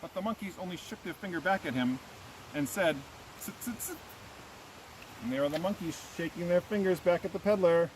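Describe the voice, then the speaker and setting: A man's voice: sits high, quick pace, slight background noise, poor audio. A man, a teacher, reading a picture book aloud to children outdoors and asking them questions as he goes. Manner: animated, asks children questions.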